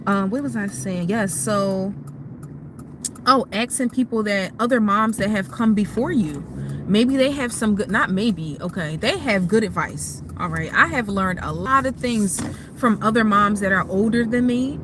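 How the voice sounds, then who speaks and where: A woman's voice: medium pitch, measured pace, noisy background. A woman talking casually to her livestream viewers from a parked car, giving motherhood advice in an emotional, chatty way. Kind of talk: casual live chat. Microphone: phone.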